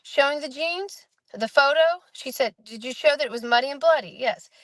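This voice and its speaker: A woman's voice: high-pitched, brisk, dry recording, low-quality recording. A woman in casual chat, recapping courtroom testimony in a rambling way and acting out the quoted lines. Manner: rambling, quotes witnesses in animated voices. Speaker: host recapping a trial.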